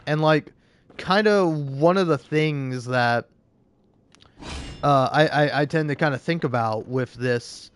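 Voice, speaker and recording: A young man musing aloud while playing a game, halting and rambling with frequent filler words and restarts. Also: on the high side, clean tone. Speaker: gaming video creator.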